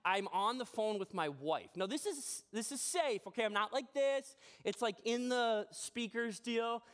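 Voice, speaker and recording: A man preaching a sermon as pastor in a church, telling a personal story in a chatty, animated way with self-deprecating humor. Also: sits high. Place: church sanctuary.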